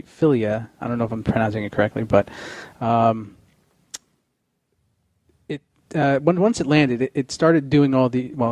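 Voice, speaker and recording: A man hosting a casual podcast, talking haltingly with many restarts and often laughing. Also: mid-range voice, a little mellow, dry recording. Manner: hesitant, full of fillers and restarts, laughs often. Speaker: podcast host.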